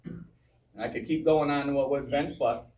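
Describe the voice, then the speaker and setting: A man giving an informal history talk in a town hall, animated and joking, quizzing the audience. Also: medium pitch, normal speed, slight background noise. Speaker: history speaker. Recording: echoey hall from far off.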